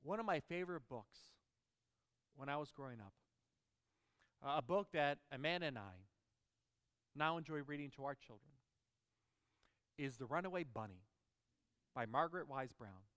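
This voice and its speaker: A man's voice: on the high side, animated, normal speed, long pauses, a bit bright, big-room sound. A man preaching a sermon as pastor, emphatic and putting questions to the congregation.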